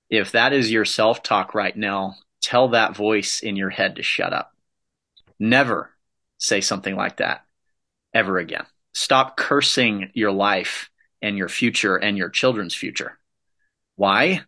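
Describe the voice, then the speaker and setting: A man delivering a motivational talk in a bright, forceful voice that sits a little low. He drives each point home with short, repeated, emphatic phrases. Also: a little slow. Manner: emphatic, punchy repetitive phrasing. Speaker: motivational speaker.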